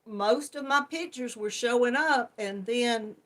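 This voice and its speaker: Woman, unhurried talk, casual live-stream chat, laughs a lot. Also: a little high, a bit bright. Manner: chatty, laughs often, greets viewers by name. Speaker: crafting channel host.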